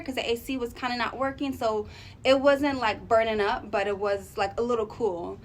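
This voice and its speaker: High-pitched lady chatting through a storytime vlog, lots of likes and you knows, faint hum. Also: moderate pace, low-quality recording. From Arizona, USA. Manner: chatty, animated, lots of fillers. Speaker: vlogger. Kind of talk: casual storytime.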